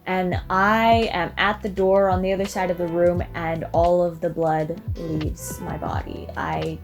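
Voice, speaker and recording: A woman's voice: fairly low pitch, a little slow, music in the background. Young woman telling dramatic school stories. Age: young adult. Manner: dramatic, animated retelling. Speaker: vlogger. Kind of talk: casual storytelling to camera.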